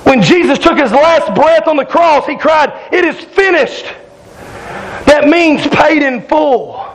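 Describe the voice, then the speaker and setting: A man preaching a fiery sermon, loud and hollering, calling out to his congregation in a church. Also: very high voice, slow, rough recording. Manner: loud, hollering Southern-style preaching with call-outs to the congregation. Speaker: pastor.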